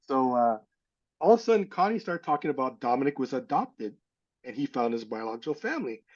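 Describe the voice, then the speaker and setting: A man's voice: medium pitch, big pitch swings, a little fast, fairly bright tone, highs cut off. A man from California telling a personal story as an interview guest, acting out the people he quotes. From California, USA.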